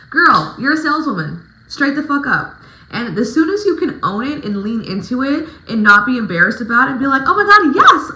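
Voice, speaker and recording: A woman's voice: fairly high pitch, pushed and bright, roomy sound, low-quality recording. A woman giving casual vlog advice as a dancer coaching other dancers, talking emphatically with plenty of swearing. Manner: emphatic, profane, pep-talk delivery.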